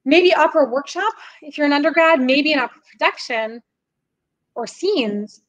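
High-voiced woman explaining eagerly. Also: normal speed, highs cut off. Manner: animated, explanatory, laughs while talking. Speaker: podcast guest, singer and composer. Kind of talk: conversational interview.

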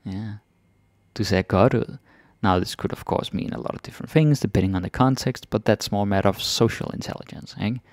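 A man teaching a casual language lesson, chatty and relaxed, repeating phrases slowly and then at full speed. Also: on the low side, no room sound.

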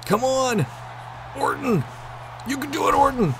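A man commentating on his own gameplay, excitable, swearing and yelling at the game. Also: very high-pitched, a little slow, over music. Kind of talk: let's play commentary.

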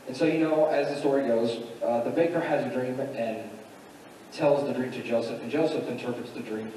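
Man, preacher, casual storytelling, mellow voice, echoey church hall, distant mic, faint room noise. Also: medium pitch, steady tone, a little fast. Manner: casual, filler-heavy retelling with "like" and "you know". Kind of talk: sermon storytelling. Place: church sanctuary.

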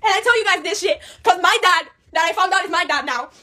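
Late-teen woman, native Spanish speaker, agitated live-stream rant, extremely fast talk. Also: very high voice, pushed and bright. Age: late teens. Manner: angry, profane, switching between Spanish and English. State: upset and agitated. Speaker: livestreamer. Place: at home.

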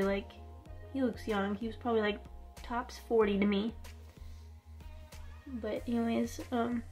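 A chatty young woman vlogs from a small indoor room, her voice sitting slightly high. She tells her story casually and leans on "like" all the time. Soft music plays faintly behind her. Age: young adult. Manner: chatty, fills speech with "like". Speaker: vlogger.

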